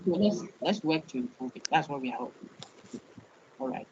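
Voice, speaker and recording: Over dull, lo-fi online call audio with some background noise, a Ghanaian woman lectures to a big virtual class. Her voice is deep, her intonation lively, her pace a little fast. She's a university lecturer who repeats words and keeps asking "okay?" while explaining.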